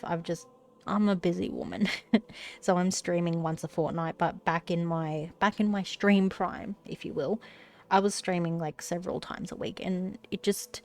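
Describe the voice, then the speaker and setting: A woman's voice: lowish voice, normal speed, darkish tone. A congested woman chatting casually on her live stream, rambling and swearing now and then. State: slightly out of breath.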